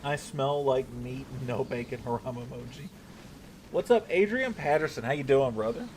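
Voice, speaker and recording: A man's voice: mid-range voice, expressive, moderate pace, darkish tone, a little hiss or hum. A young man streaming a mobile game, chatting casually with viewers and swearing now and then. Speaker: gaming livestreamer. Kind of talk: casual live-stream chat.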